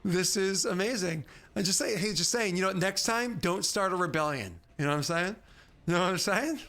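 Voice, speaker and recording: A man's voice: sits high, brisk, pushed and bright. A man narrating and hosting as game master of a tabletop role-playing game, rambling and teasing his players with many fillers.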